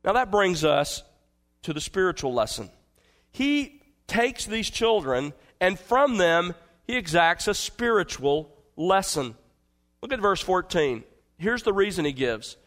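A male pastor preaching an expository sermon in an earnest, emphatic way, swinging from forceful to hushed. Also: sits high, very animated, measured pace.

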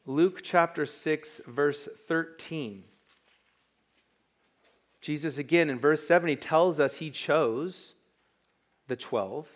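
A man's voice: fairly high pitch, slow pace, long pauses. Emphatic man preaching a sermon. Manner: emphatic, conversational with asides and quoted lines. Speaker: pastor.

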